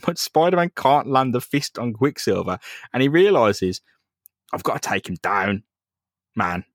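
A man's voice: mid-range voice, a bit bright, dry recording. A man co-hosting a comic book podcast, laughing as he recaps the story into a close microphone. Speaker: podcast co-host. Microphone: close studio mic.

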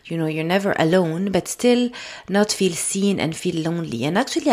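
A woman with a French accent hosts a casual solo podcast in English. Her slightly low voice is easy, thoughtful, and gentle, and she often pauses on fillers and restarts her words.

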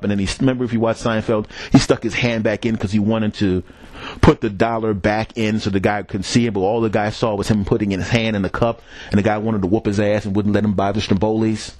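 A man's voice: lowish voice, darkish tone, dry recording. A man hosting a podcast, telling a rambling, profane story in a casual solo monologue and chuckling at his own jokes. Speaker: podcast host.

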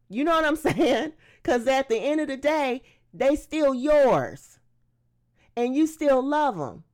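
A woman preacher reads scripture aloud in a high, unhurried voice, then explains it conversationally. Her sermon is animated and emphatic, breaking into acted-out quotes.

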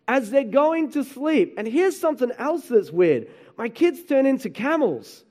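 A man preaching a sermon, telling animated stories about his children and often asking the room "right?". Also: extremely high pitch. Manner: animated storytelling, acts out his kids and himself, frequent "right?". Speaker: pastor.

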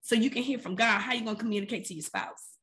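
A woman's voice: a little high, fast talker, a bit bright. A woman co-hosting a faith podcast, talking about prayer in an earnest, conversational and emphatic way. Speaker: podcast co-host.

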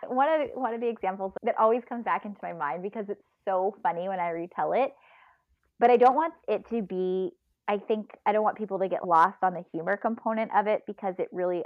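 Animated woman telling a story. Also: mid-range voice, fast talker, no echo, narrow, tinny audio. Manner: animated, laughing, quotes her own inner voice. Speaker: podcast guest, ultrarunner. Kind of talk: casual storytelling.

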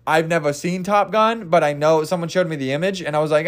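A young man from Kansas hosts a podcast on his own, and his talking voice sits noticeably high. He rambles and swears freely, stopping often to correct himself mid-sentence. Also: fast talker. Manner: profane, rambling, self-correcting. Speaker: podcast host. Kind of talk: casual solo podcast rant.

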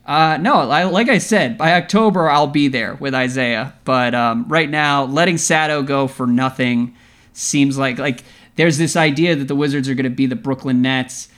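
A man's voice: medium pitch, normal speed, fairly bright tone. A man co-hosting a sports podcast, rambling and self-deprecating, laughing at himself. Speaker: podcast co-host. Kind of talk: casual sports chat.

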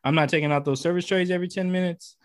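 A man's voice: high voice, fairly even intonation, rapid-fire, no echo, clean studio sound. A man co-hosting a podcast interview, talking in an emphatic, heartfelt way and repeating phrases for emphasis. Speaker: podcast co-host. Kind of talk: casual interview chat.

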